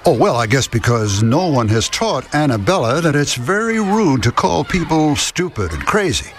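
An actor playing a gentle, fatherly older widower in a radio drama, speaking softly and affectionately with chuckles. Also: a little high, big pitch swings, moderate pace, slight background noise. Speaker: kindly widower adopting an orphan.

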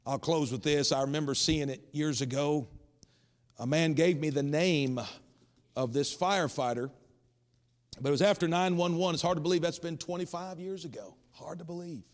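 A man's voice: a little high, moderate pace. A man preaching a sermon, retelling a story with rising intensity. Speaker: pastor.

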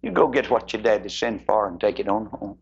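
A preacher doing a gentle, kind man reassuring a boy. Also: fairly low pitch, lively intonation, brisk, gravelly, breathy edge, muffled recording, pitched below the performer's own voice, heavily acted. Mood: kindly.

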